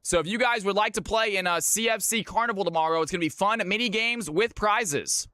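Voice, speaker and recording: A man hosting a live game stream, energetically giving shout-outs to chat and calling out teams. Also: high-pitched, brisk, clean tone, no room sound, studio quality.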